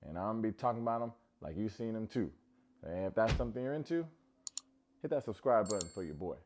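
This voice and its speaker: A man's voice: on the low side, animated, fast talker, noisy background. A man hosting a comedic TV recap, talking with playful, sarcastic asides. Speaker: recap host.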